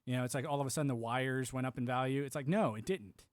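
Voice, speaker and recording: A man's voice: mid-range voice, fast, no echo. Rambling American man, dry close mic. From United States. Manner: animated, acts out quoted voices, filler-heavy. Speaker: livestream host. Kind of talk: casual rambling monologue.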